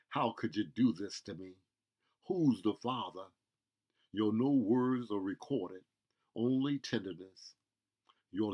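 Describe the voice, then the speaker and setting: A man preaching a sermon in a slow, measured way, peppering his lines with "yo" and "y'all". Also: lowish voice, a little mellow, highs cut off.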